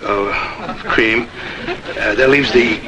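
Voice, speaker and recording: A man's voice: medium pitch, slow, a crowd in the background, natural voice, poor audio. An actor playing a confused, defensive counterman in a 1970s TV sitcom, hesitating over orders. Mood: muddled. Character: muddled touchy middle-aged counterman.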